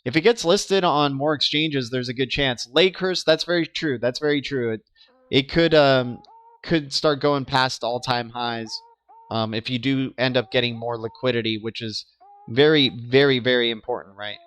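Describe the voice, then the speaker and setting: A man's voice: mid-range voice, normal speed, fairly bright tone, clear, resonant tone, no room sound. A young man of Cuban background hosting a crypto livestream, chatting casually with viewers and often stumbling and repeating words.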